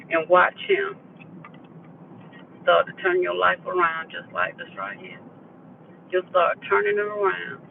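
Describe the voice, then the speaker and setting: A woman delivers a live motivational sermon while riding in a vehicle. She speaks low, with a gravelly voice, repeats her lines and calls her listeners baby. The sound is thin and phone-like, picked up from a distance, with faint road noise underneath. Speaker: inspirational speaker.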